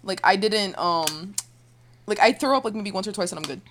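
A woman's voice: medium pitch, animated, moderate pace, a bit bright. A woman in her early twenties co-hosting a podcast, chatting casually and laughing often. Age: 20s. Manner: laughing, short backchannel replies. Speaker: podcast co-host. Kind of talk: casual chat. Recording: noisy background hiss.

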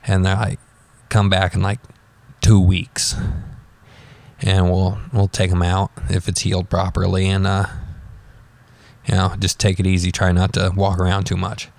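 A young man with a very low, gravelly voice tells a rambling personal story. He talks casually and swears freely, with an offhand, unbothered manner. His low pitch and fry stay steady throughout. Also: unhurried, pauses often. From United States.

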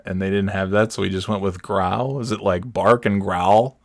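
Low-voiced man telling a rambling story. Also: normal speed, vocal fry, no echo, studio quality. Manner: rambling, self-correcting, animated when quoting people. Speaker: podcast host. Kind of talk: casual storytelling monologue.

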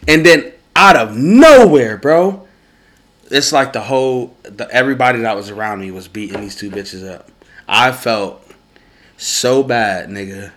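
Animated young man telling stories. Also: medium pitch, a little slow. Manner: animated storytelling, loud bursts of laughter. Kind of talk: casual chat.

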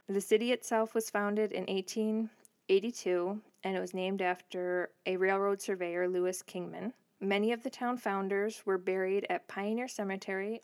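A woman's voice: mid-range voice, no room sound. A woman co-hosting a podcast, mixing casual chat with history she has researched. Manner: relaxed, reads history notes between chat. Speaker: podcast co-host.

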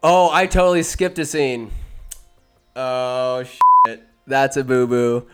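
A man's voice: fairly high pitch, fairly bright tone, clear, resonant tone. A man giving a rambling comic movie recap, full of jokey asides and self-interruptions.

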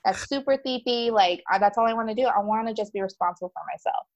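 A woman telling her own story in casual conversation as a guest, chatty and animated, with many fillers, voicing the people in it. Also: fairly high pitch, fast talker, highs cut off.

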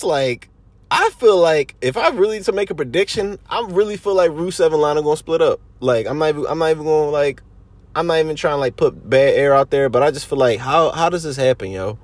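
A man's voice: on the high side, animated, normal speed, no room sound. A man hosting a podcast in a slangy, rambling, casual chat full of fillers. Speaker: podcast host.

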